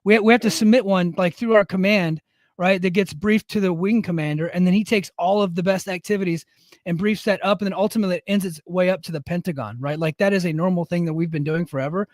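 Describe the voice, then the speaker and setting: Male co-host, easygoing chat, slightly high voice, dry close sound. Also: steady tone, fast talker, no room sound. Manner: easygoing, reads out chat names. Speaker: podcast co-host; Air Force service member in leadership. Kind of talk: casual chat.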